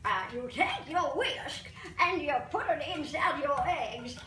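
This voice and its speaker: Brief: woman voicing a slow folksy old lady, high voice, roomy far-off kitchen sound. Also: lively intonation, sharp tone, full character voice. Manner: slow, drawn-out folksy talk. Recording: roomy, distant, noisy kitchen recording.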